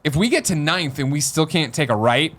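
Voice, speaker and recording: A man's voice: fairly high pitch, animated, brisk, fairly bright tone. A man in his thirties hosting a podcast, telling a story casually and acting out the voices of the people in it. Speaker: podcast host.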